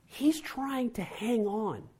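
Animated male storyteller with a lively voice. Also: extremely high pitch, takes it slowly, husky. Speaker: speaker. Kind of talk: storytelling talk to an audience.

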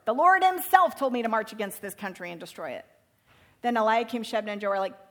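Animated woman teaching scripture. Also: a little high, quick pace. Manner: animated, dramatic readings with casual asides. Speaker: Bible teacher. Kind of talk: Bible teaching, reading and paraphrasing scripture.

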